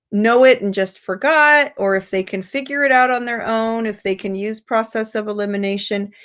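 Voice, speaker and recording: An American woman teacher trainer giving an online lecture, patient and explanatory, her pitch jumping up when she acts out prompts. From United States.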